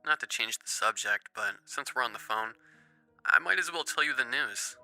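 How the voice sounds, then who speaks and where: A man voicing a giddy young woman, the narrator's sister, in a soft, hushed, bubbly way. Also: on the low side, normal speed, clear, resonant tone, no room sound, soft background music.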